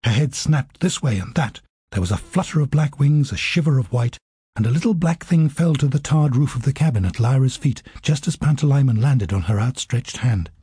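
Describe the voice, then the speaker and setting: A man narrating an audiobook in a steady, vivid storytelling manner. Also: mid-range voice, moderate pace, breathy edge, no echo.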